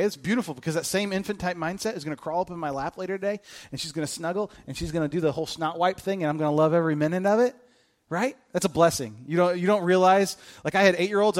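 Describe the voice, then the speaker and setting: Earnest man preaching a conversational sermon. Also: high voice. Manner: earnest, repeats key questions, speaks directly to the congregation. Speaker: pastor. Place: church service before a congregation.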